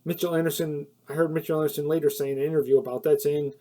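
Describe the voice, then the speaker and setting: Rambling man with a mellow voice. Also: a little high, flat delivery, very fast. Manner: rambling, with many fillers and self-corrections; laughs at his own points, gets heated when annoyed. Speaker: film reviewer. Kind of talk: casual spoken film review.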